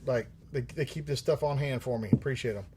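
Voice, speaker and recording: A man's voice: mid-range voice, brisk, heavy background noise. A man hosting a livestream who answers viewer questions in a rambling, joking way, swearing often and using many fillers. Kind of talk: casual live-stream chat.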